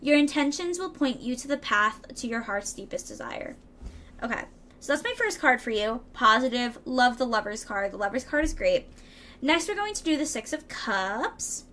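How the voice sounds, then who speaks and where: A woman's voice: fairly high pitch, expressive, moderate pace, sharp tone, slight background noise. A woman streaming a tarot reading, reading card meanings aloud and chatting playfully with her viewers, often tripping over words and laughing at herself. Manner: chatty, playful, reads card texts aloud and riffs with chat.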